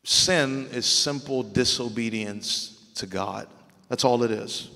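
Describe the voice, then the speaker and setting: A man's voice: mid-range voice, slow, pushed and bright. A man from Louisiana preaching a sermon as pastor, speaking with proper, polished diction and repeating words as he works through his points. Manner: earnest preaching with frequent word repeats. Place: church sanctuary. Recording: long hall reverb.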